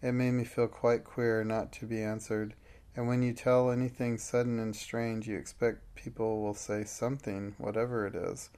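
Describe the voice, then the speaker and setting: A man's voice: mid-range voice, flat delivery, normal speed, darkish tone, clean tone, natural voice. A man reading as a timid, fretful sister. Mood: puzzled.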